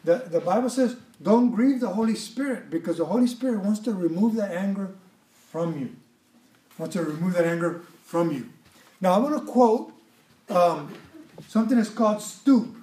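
A man's voice: sits high, lively intonation, moderate pace, dark tone, echoey room, recorded from a distance, poor audio. A man preaching a sermon in a conversational way, often repeating words and adding asides to his listeners. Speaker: pastor.

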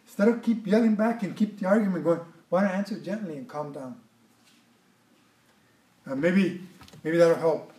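A man's voice: sits high, normal speed, long pauses, mellow, roomy sound, recorded from a distance, rough recording. A man preaching a sermon in a conversational way, often repeating words and adding asides to his listeners. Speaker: pastor.

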